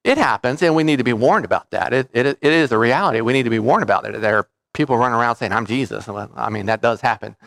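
A man's voice: medium pitch, fast talker, vocal fry, few pauses, a bit bright, dry recording, clean studio sound. A man preaching a sermon as pastor, in a conversational way that often stops to check in with his listeners. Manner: conversational preaching with frequent "okay?" check-ins.

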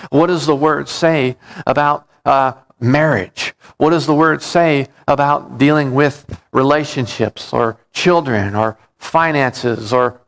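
Male pastor, mid-range voice, steady earnest preaching with restarts. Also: mid-range voice. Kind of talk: sermon.

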